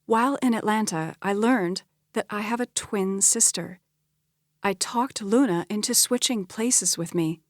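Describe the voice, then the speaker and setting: A woman's voice: medium pitch, unhurried, no room sound, clean studio sound, lightly acted. A woman reading an audiobook, voicing an earnest, apologetic young woman. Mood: pleading. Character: spirited, apologetic young twin sister.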